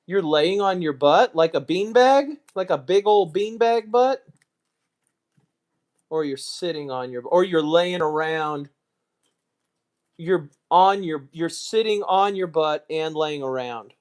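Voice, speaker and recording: Relaxed man muttering through a live stream. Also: on the high side. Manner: relaxed, muttering to himself, quick asides to chat. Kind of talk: casual live stream chat while sorting cards.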